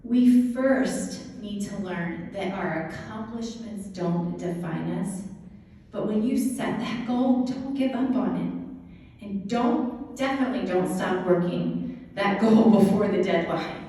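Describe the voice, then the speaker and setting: A woman telling a personal story as a motivational talk to an audience, lively and laughing often. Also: mid-range voice, slow. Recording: echoey hall from far off, faint noise.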